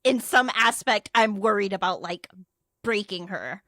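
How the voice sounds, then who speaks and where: A young woman with a bright, forceful voice tells a story on a podcast, swearing freely and voicing each person's lines. The sound is close and dry. Her pitch sits at an ordinary middle height. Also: measured pace, no room sound. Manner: profane, animated retelling with quoted dialogue. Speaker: podcast co-host. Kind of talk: casual storytelling chat.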